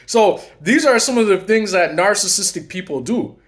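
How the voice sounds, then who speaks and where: A man's voice: sits high, expressive, normal speed. A man hosting his own channel, talking in a loose, rambling way with many restarts and "you know"s. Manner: acts out quoted lines in his telling. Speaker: channel host and coach. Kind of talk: casual monologue.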